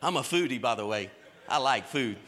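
A man preaching a sermon in a lively storytelling way, with folksy Southern phrasing. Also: mid-range voice, moderate pace, slight background noise. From American South. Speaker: pastor. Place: church stage.

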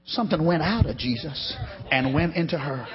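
A middle-aged man, a pastor, preaching a revival sermon in a church, swinging between shouting and hushed storytelling and calling on the congregation. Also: fairly high pitch, expressive, moderate pace, background noise. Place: church sanctuary. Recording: dull lo-fi church recording.

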